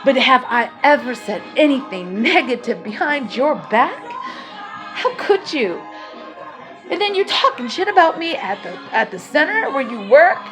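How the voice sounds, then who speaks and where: A woman's voice: high-pitched, very animated, a little slow. A woman venting in a raw personal vlog, heated and confrontational, swearing as she airs her grievances. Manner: heated, confrontational, swearing, rising and falling in intensity. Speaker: vlogger. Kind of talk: emotional personal vlog rant. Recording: music playing behind the voice.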